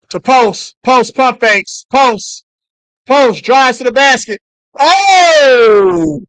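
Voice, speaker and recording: A man calling a basketball game live as a fan on a stream, swearing and yelling at the players between play-by-play. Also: high-pitched, no echo. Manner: excited, profane trash talk at players. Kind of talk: fan play-by-play watch-along.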